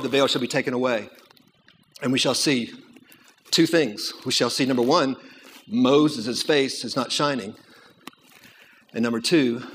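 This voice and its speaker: A man preaching a sermon, moving between quiet storytelling and loud, climbing emphasis. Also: mid-range voice, a little hiss or hum. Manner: builds from hushed storytelling to loud, rising preaching.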